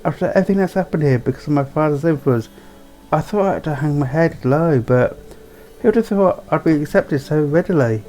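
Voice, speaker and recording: A man's voice: fairly high pitch, expressive, a little fast, warm tone, soft background music, lightly acted, rough recording. A man doing a reserved young nobleman. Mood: reflective.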